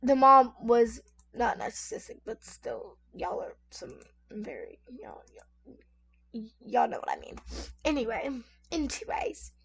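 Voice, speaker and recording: A woman's voice: on the high side, huge pitch swings, slow, vocal fry, a bit bright, husky. A woman casually reading and reacting to online stories, chatty and full of asides to her viewers, on a desk microphone at home. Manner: chatty, talks straight to viewers with many asides. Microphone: desk microphone at lowered sensitivity.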